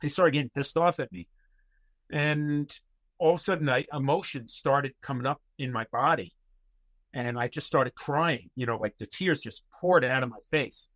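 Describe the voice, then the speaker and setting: A man's voice: mid-range voice, normal speed, fairly bright tone, no echo. A man guest on a podcast, telling personal stories in a rambling way with many fillers and restarts. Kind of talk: casual interview storytelling.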